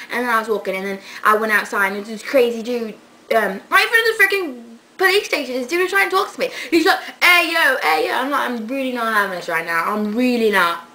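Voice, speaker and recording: A young woman talks straight to her webcam from her bedroom, telling a story with sarcasm and blunt swearing. Her voice is bright and sharp, and a faint hiss of noise sits under the recording. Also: on the high side, rough recording. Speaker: vlogger. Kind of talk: casual storytelling vlog.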